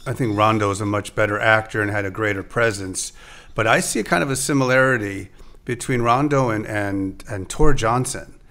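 A podcast host chats casually with his guest in a smooth, slightly bright, medium-pitched male voice. His delivery is conversational and hesitant, and he keeps stopping to restart his sentences.

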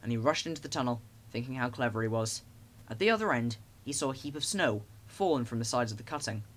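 A man reads a children's storybook aloud with lively expression. His voice sits in an ordinary middle range, neither deep nor high. The telling is steady and clear. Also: fast. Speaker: narrator. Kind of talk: storybook narration.

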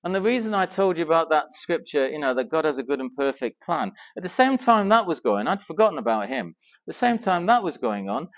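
A middle-aged man from England telling an animated personal story to a Christian men's gathering, acting out the dialogue as he goes. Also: on the high side, brisk. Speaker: speaker at a men's Christian weekend. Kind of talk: storytelling talk to a live audience.

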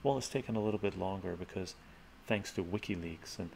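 Deep-voiced man in a rambling stream Q&A. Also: a little fast, gravelly, darkish tone. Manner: rambling, reads out and answers viewer chat. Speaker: live stream host. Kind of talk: casual live stream Q&A. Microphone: laptop mic. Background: laptop fan hum.

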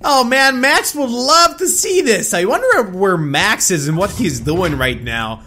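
A young man giving excited, loud gameplay commentary as a gaming video host. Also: high-pitched, unhurried, a little hiss or hum. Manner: hyped, loud exclamations and laughter. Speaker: gaming YouTuber. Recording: background music under voice.

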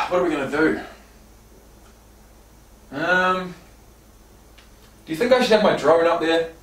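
A man's voice: fairly high pitch, takes it slowly, sharp tone, slight background noise. A man casually unboxing fan gifts on his vlog, reading card stats and a letter aloud and swearing now and then. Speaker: YouTube vlogger. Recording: roomy echo.

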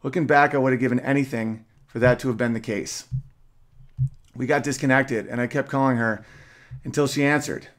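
Male host, mid-pitched, reads a personal story with earnest emotion. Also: steady tone, a little fast. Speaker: podcast host. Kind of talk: reading a personal story aloud.

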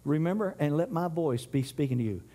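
A man with a notably high voice preaches to his congregation in church. He delivers the sermon with passion, building up loud and urgent, then dropping low and soft, and he often stumbles and repeats words as he goes. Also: lively intonation, fairly quick. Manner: impassioned, rises and falls, stumbles and repeats.

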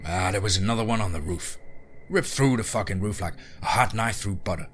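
A man voicing a gruff swearing hunter. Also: on the low side, brisk, fairly bright tone, a little hiss or hum, close to an everyday voice. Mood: blunt. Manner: gruff, cursing, blunt. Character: tough hunter soldier in a fight, swearing.

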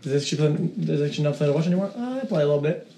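A man from Canada, a streamer, chatting casually while gaming, excitable and swearing with shouty outbursts. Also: fairly high pitch, racing, creaky, a little hiss or hum. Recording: roomy echo.

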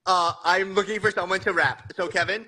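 A man hosting a casual livestream on his phone, playful and self-mocking, rambling with quick restarts as he talks to viewers. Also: high-pitched, steady tone, pushed and bright. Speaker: livestream host.

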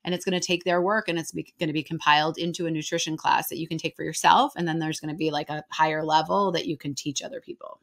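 A woman with an American accent, talking casually as a guest in an interview, chatty and quick, with lots of "like" and "right?". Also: low voice, steady tone, vocal fry. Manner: chatty, fast, heavy on filler "like" and "right?".

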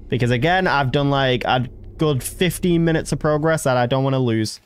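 A man commentating a horror game as he plays, excitable and jokey, reading the game's text aloud. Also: mid-range voice, moderate pace, clean tone, soft background music. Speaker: gamer. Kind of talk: let's play commentary.

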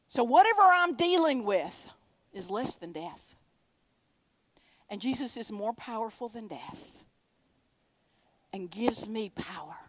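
A woman preaching a sermon, swinging between loud emphatic lines and hushed, whispered ones. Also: a little high, dry recording.

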